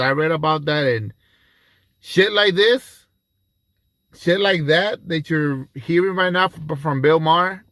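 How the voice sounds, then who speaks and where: A man's voice: mid-range voice, a bit bright, no echo. Heated, profane man ranting. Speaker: reaction commentator. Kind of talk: reaction video commentary.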